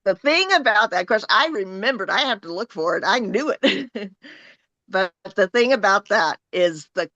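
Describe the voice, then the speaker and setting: A woman's voice: medium pitch, animated, moderate pace, pushed and bright, no echo. A woman in her fifties tells a story as a guest, laughing often between lines. Her voice comes over a dull, muffled line. The sound is dry and close. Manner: laughing, anecdotal. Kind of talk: casual chat.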